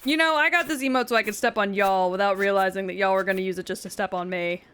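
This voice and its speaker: During her video game live stream, a woman talks fast to her chat, joking around and teasing them in a casual way. Her mid-range voice comes across smooth and a bit bright.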